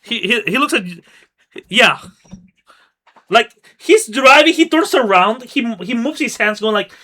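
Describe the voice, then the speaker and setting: A man narrates a tabletop role-playing game as game master on a live stream. He talks loosely and rambles, his high voice sounds bright and moves up and down a lot. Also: very animated, normal speed. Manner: rambling, loose, laughs at own jokes.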